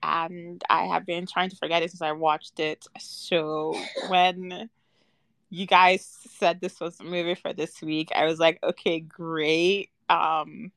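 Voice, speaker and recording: A woman's voice: fairly low pitch, flat delivery, a little slow, gravelly, fairly bright tone, no echo. A woman in a casual film-review chat, talking in a dry, unimpressed way with frequent ums. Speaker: podcast panelist.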